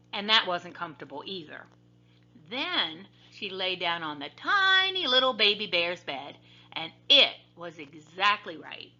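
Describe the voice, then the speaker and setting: Woman librarian, storybook read-aloud, expressive and sing-song; dull lo-fi recording. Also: on the low side.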